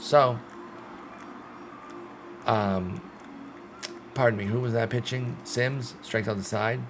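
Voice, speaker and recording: Excitable gamer guy, low voice, noisy mic. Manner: swings between sulky frustration and loud excited outbursts, swears. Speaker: gaming streamer. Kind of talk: live play-by-play commentary of a baseball sim game.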